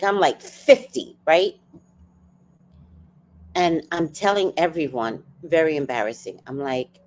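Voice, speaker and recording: A woman in her fifties chats with her livestream viewers in a lively voice that swings up and down. She acts out the people in her stories, laughs easily and swears freely. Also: low voice, a little hiss or hum. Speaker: livestream host. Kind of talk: casual storytelling to a live chat.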